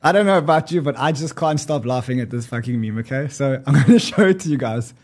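A man's voice: mid-range voice, lively intonation, quick pace, darkish tone. A man hosting a casual market show, talking animatedly, laughing often, swearing and repeating words as he goes. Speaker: host.

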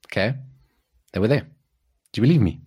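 A man in his forties co-hosting a podcast, telling stories in casual chat, excitable, with many restarts. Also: fairly quick, breathy edge, no room sound, studio quality. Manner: animated storyteller, jumps in pitch, restarts often. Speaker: podcast co-host.

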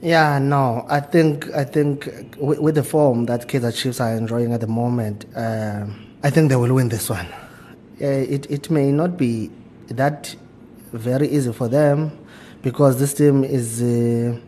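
A man's voice: medium pitch, fairly even intonation, a little slow, warm tone, slight background noise. A man, a sports journalist giving predictions with hesitations and repeated words. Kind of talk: radio sports analysis.

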